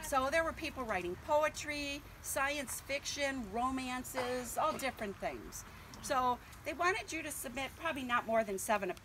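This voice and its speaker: A woman's voice: high-pitched, bright, forceful tone, slight background noise, low-quality recording. An older woman giving a casual, nervous speech at her book launch party, thanking family and friends with lots of ums. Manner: chatty and nervous, with frequent um and laughs.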